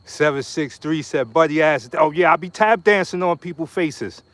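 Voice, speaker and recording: Man with a slightly raised pitch, joking and trash-talking while he trains on a live stream, recorded outdoors. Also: normal speed, no room sound. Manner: trash-talking, joking, loud bursts and laughter. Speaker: martial arts instructor streaming a workout.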